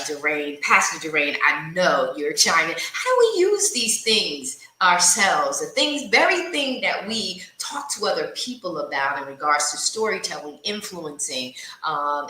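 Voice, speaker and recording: A woman hosting a live-stream panel, talking in a lively, animated way and laughing easily. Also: low voice, reverberant, rough recording. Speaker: host.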